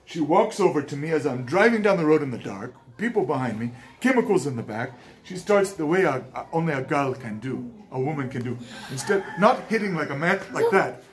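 A man hosting his channel, telling a personal story in a lively monologue and acting out the dialogue. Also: on the high side, brisk, a little hiss or hum. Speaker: channel host.

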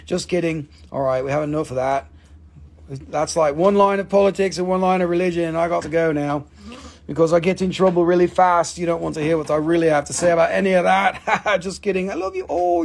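A man hosting a live crystal sale in casual, playful chat. He jokes, gets excited easily and drifts into broken-English sales talk. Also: fairly high pitch, fairly quick, vocal fry. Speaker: host selling crystals on a live stream.

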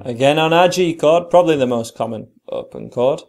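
British male guitar teacher, slightly high voice, counts beats slowly, loud guitar behind him. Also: creaky. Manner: counts along in a slow, drawn-out voice. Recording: guitar playing loudly behind the voice. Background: his own guitar playing.

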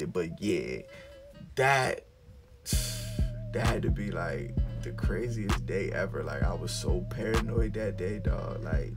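A young man tells a story to his viewers in a loose, casual vlog, putting on the voices of the people he quotes. His pitch jumps around a lot, and clear music plays behind him. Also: takes it slowly. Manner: animated, acts out quoted voices. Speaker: vlogger.

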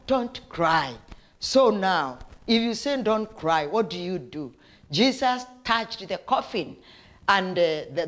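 A woman preacher delivering a sermon with slow, emphatic declarations and prayers. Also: medium pitch.

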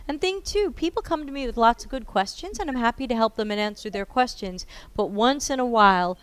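A woman hosting a podcast, talking about mentoring in an earnest, heartfelt and expressive way. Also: a little high, brisk, smooth, dry recording. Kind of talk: casual podcast conversation.

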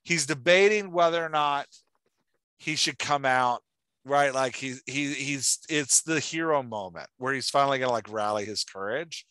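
Bright-voiced, enthusiastic man hosting a chat. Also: medium pitch, normal speed, smooth, dry recording. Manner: enthusiastic, chatty, lots of "like". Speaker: podcast host giving writing feedback. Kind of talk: casual chat.

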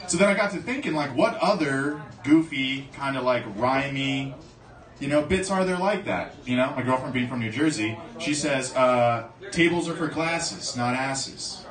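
A young man from South Florida doing a profane stand-up set, telling a story and suddenly shouting the voices of the people in it. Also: mid-range voice, moderate pace. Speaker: stand-up comedian. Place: comedy club stage. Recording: roomy club sound from a distance, crowd audible.

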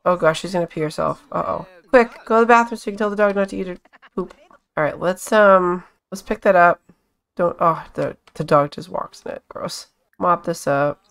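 A woman's voice: lowish voice, vocal fry, fairly bright tone. A woman hosting a casual let's-play, chatting along and coaxing her characters with pet names. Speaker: gaming channel host.

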